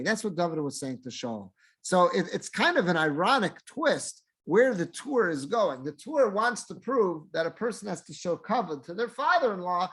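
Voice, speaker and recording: A man's voice: sits high, sing-song, normal speed, a bit bright, breathy edge. A man, a rabbi, teaching a Torah class, reading Hebrew verses and explaining them line by line in a conversational way.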